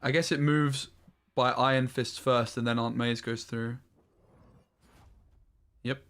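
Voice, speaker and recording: A man's voice: medium pitch, steady tone, slow pace, fairly bright tone, clean tone. A man streaming a card game, thinking aloud in a frustrated way and swearing often. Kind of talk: live-streamed gameplay commentary.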